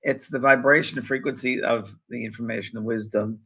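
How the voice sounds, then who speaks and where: A man's voice: mid-range voice, steady tone, brisk, creaky, bright, forceful tone, husky, poor audio. An older man co-hosting a spiritual talk show, telling stories casually with lots of fillers and restarts. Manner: rambling, with many fillers and restarts. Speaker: co-host, spiritual medium. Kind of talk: casual conversational storytelling.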